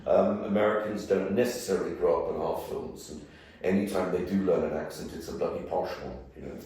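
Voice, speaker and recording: A man's voice: low voice, steady tone, brisk, dark tone. Older Birmingham man rambling in a roomy hall. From England. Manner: rambling, jokey, casually swearing. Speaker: guest actor. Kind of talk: anecdotal talk and Q&A. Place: event room before a live audience. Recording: roomy hall, distant mic.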